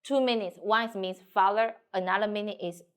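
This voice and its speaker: A woman's voice: mid-range voice, steady tone, a little fast, clear, resonant tone. A woman teacher with a Mandarin Chinese accent, speaking in simple English and modeling tones in a singsong way. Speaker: language teacher. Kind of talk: slow explanatory lesson.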